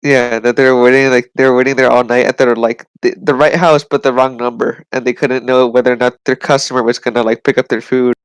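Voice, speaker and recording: Smooth-voiced young man, hesitant chat. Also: medium pitch, level tone, no room sound, poor audio. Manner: hesitant, halting, many fillers and restarts. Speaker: podcast co-host. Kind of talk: casual chat.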